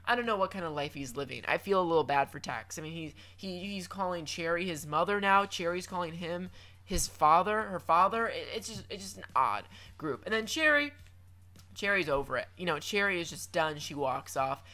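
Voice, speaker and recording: A man's voice: high voice, expressive, a little fast, bright, forceful tone. A young man giving chatty, playful commentary over a video game, with lots of stammered restarts and mock-dramatic asides. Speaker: gaming commentator.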